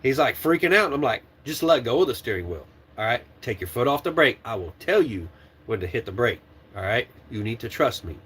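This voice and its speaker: A man who trains truck drivers, telling a story in a loose, animated way. His voice sits at an ordinary middle pitch, and he curses easily as he talks. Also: brisk, breathy edge. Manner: animated, swears and laughs while retelling. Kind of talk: casual storytelling.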